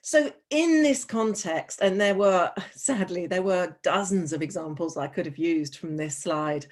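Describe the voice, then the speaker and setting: A woman's voice: fairly low pitch, a little slow. A woman presenting a teacher wellbeing webinar, chatty and frank, with frequent ums, restarts and sarcastic asides.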